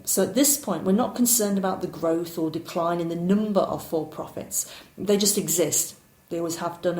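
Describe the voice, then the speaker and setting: Lower-voiced woman lecturing in a roomy space. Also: a little mellow. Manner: clear, explanatory, occasionally self-deprecating. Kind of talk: recorded course lecture. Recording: roomy echo.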